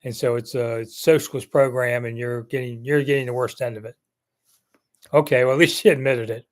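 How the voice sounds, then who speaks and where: A man's voice: medium pitch, steady tone, brisk. A man in his sixties hosting a sports live chat, answering viewers in a rambling, chatty way with jokey asides. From Maryland area. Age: 60s. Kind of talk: casual live-stream chat.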